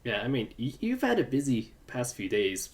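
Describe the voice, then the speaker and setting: A man's voice: mid-range voice, wildly swooping pitch, moderate pace. A man hosting a casual live podcast from his room at home, talking loosely and greeting viewers in the chat. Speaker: podcast host.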